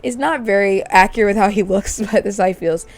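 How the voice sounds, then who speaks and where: A woman's voice: medium pitch, fast. A woman hosting a gaming video, chatting casually and spinning a story while she plays a life-sim game. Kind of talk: let's play commentary.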